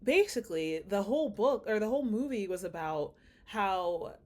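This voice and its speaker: A woman's voice: mid-range voice, lively intonation, moderate pace, darkish tone. A woman with a slight Nigerian accent, vlogging in a casual, rambling way, thinking aloud with many fillers. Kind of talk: casual reflective monologue.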